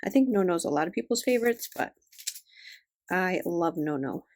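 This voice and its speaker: Hushed, gushing older woman unboxing. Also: fairly low pitch, lively intonation, normal speed. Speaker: vlogger. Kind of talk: casual unboxing chat.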